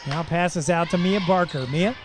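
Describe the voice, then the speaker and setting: Excitable high-voiced radio play-by-play man. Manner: rapid, excitable calls that rise into shouts on big plays; folksy, chatty asides to listeners. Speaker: play-by-play announcer. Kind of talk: local radio basketball commentary. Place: high school gym.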